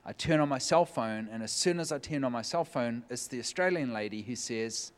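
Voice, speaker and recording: A man preaching a sermon, telling a personal story in a lively way and acting out the voices of the people in it, at a church meeting. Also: mid-range voice, brisk. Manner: lively, acts out quoted voices. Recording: long hall reverb.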